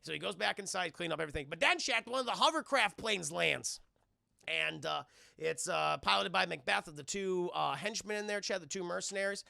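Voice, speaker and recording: Gravel-voiced man recapping a cartoon for chat. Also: high voice, a little fast, sharp tone, no echo, clean studio sound. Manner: profane, keeps addressing chat, retells scenes in voices. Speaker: cartoon reviewer streaming to chat. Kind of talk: livestream episode recap.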